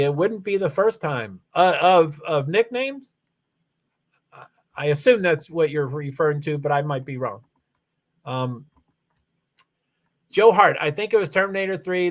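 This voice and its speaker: A man talking casually into his computer mic on a live stream, his voice sitting a little higher than most men's. He rambles and corrects himself as he goes, with plenty of ums and asides. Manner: rambling, self-correcting, chatty with frequent fillers. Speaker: live streamer reading chat. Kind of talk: casual livestream chat.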